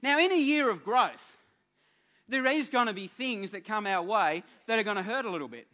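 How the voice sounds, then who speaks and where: Male pastor, high bright voice, earnest sermon with frequent restarts, church setting. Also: animated. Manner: earnest, halting with repeated restarts.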